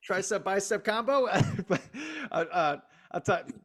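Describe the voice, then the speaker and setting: This co-host of a sports podcast has a high voice and keeps a measured pace. He chats casually but with plenty of energy and emphasis, and he laughs a lot.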